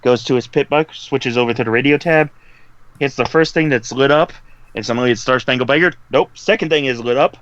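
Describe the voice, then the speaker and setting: A man's voice: mid-range voice, brisk, fairly bright tone. Guy rambling through his turn in a tabletop game, laughs a lot, lo-fi dull sound. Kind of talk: casual play narration. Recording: dull lo-fi dry mic.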